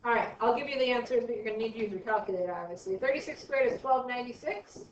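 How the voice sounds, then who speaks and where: A woman's voice: a little high, racing, distant mic, a little hiss or hum. A woman math teacher giving a recorded lesson, chatty and thinking aloud as she works through problems. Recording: dull, roomy, from off mic.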